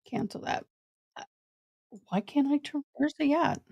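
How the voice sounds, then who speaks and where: A woman's voice: high voice, unhurried, gravelly, mellow. A woman hosting a livestream, closing out late at night with gushing, affectionate thanks to her viewers. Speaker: stream host and interpreter. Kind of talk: livestream sign-off chat.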